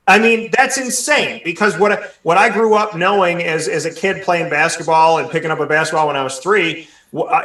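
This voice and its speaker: A man hosting a sports talk show, speaking in an animated way with many restarts. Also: a little high, roomy sound, distant mic. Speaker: sports radio show host. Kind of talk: casual discussion, hosting.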